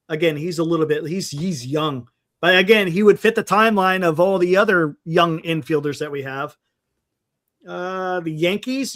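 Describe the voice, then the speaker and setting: This is a man with a fairly high voice, hosting a casual sports talk livestream. He rambles and thinks out loud, trailing off and restarting as he reads names off a list. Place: home livestream setup. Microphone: desktop mic on a live stream.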